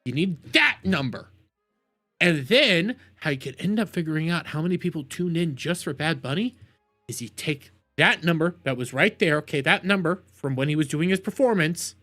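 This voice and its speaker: A man hosting a live stream, ranting loudly and swearing as he repeats his points. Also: fairly high pitch. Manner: loud profane ranting, repeats himself. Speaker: streamer host.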